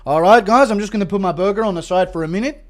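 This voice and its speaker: A man doing a loud, chirpy impression of a male cooking-show host walking viewers through a recipe. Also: sits high, racing, pitched above the performer's own voice, close to an everyday voice. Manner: loud, chirpy presenter patter.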